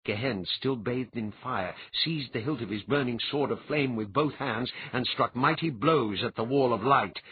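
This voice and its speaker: A man narrating a fantasy audiobook with a dramatic, expressive reading. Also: mid-range voice, moderate pace, few pauses, husky, no room sound. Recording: dry, dull lo-fi audio.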